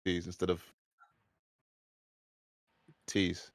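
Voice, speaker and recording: Man with a low, dry voice, joking. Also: completely flat delivery, drawn-out words, vocal fry, dry recording. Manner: jokey, stumbling over his words. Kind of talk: casual group chat.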